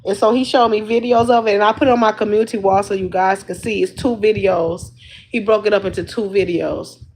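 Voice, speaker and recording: A woman's voice: medium pitch, fairly even intonation, a little fast, darkish tone, a little hiss or hum, poor audio. A woman chatting casually to her livestream viewers, rambling along and laughing often, talking into a phone. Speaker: livestream host.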